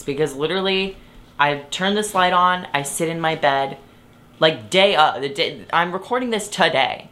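A young woman with a low voice hosts her podcast from her bed. She rambles loosely and cuts herself off mid-thought. She breaks into laughter often. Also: fairly bright tone. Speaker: podcast host. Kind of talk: casual chat. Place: bedroom, sitting on her bed.

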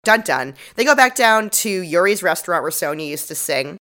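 Young woman podcast co-host, snarky and profane, low voice that leaps around. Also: expressive, normal speed, a bit bright. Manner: sarcastic, swears freely, laughs often. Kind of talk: casual recap chat.

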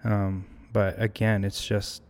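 A man's voice: lowish voice, flat delivery, slow pace, a little mellow. A young man talking as a podcast guest, reflective and hesitant, often restarting his sentences. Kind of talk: casual conversational interview.

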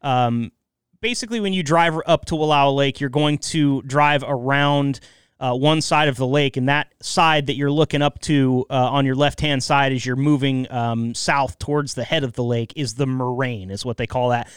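A man's voice: medium pitch, steady tone, moderate pace, clean tone, dry recording, studio quality. A man hosting a casual podcast, easygoing and teasing, swearing now and then. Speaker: podcast host. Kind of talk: casual chat.

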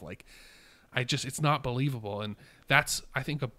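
A man's voice: medium pitch, normal speed, fairly bright tone. A man co-hosting a casual film podcast, giving frank opinions with hesitant restarts. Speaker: podcast co-host.

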